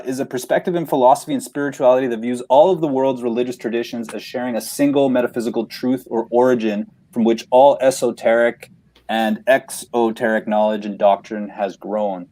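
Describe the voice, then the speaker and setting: A man's voice: mid-range voice, fairly quick, warm tone. A man on a casual podcast, thoughtfully explaining ideas and reading a short definition aloud. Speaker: podcast guest.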